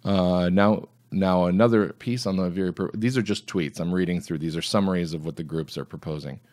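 A man's voice: deep voice, steady tone, fairly quick, darkish tone. A man hosting a solo commentary podcast, reading items aloud and answering them with sarcastic, mocking asides. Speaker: podcast host.

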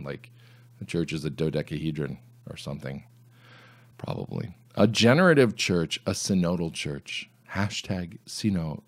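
A man hosting a solo commentary podcast, reading items aloud and answering them with sarcastic, mocking asides. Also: low voice. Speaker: podcast host.

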